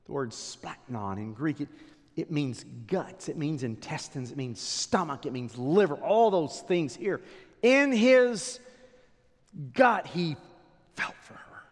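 Pastor guy preaching, kinda high voice, goes loud then whispery, long echo like a big sanctuary. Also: lively intonation, slow pace. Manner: dramatic swings from loud declarations to hushed whispers. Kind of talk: sermon. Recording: long hall reverb.

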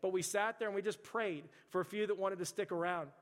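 A man's voice: high voice, a little fast. A man, preaching a sermon in a chatty storytelling way, with lots of restarts. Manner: conversational storytelling with frequent restarts and "like". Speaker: pastor. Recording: reverberant church hall.

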